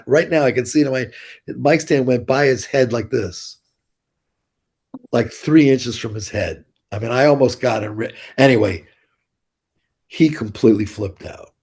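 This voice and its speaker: A man's voice: mid-range voice, vocal fry, a little mellow, husky. An older man, telling rambling, blunt, profane stories as an interview guest. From New York City. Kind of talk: casual storytelling interview.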